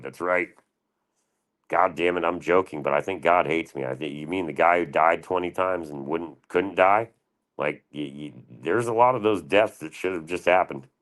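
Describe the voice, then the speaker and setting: A man in his thirties with an extremely deep, low voice, talking casually to his livestream audience. He rambles from topic to topic and swears often, in a crude, loose way. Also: a bit bright.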